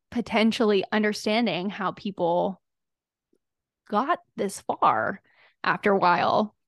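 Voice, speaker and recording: A woman hosting a casual podcast, animated and a little rambling as she tells a story. Her voice sits at a middle pitch, and the recording is dry with no room sound. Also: dry recording. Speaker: podcast host.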